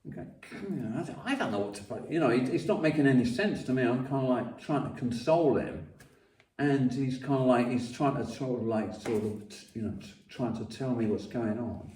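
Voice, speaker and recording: A man tells a long story in a mellow, unhurried voice. He swears freely, restarts sentences and coughs now and then. The room is echoey and the mic sits some way off. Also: mid-range voice. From London. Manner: profane, repetitive, many restarts and coughs. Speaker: podcast guest. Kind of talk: rambling casual storytelling. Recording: roomy, distant mic.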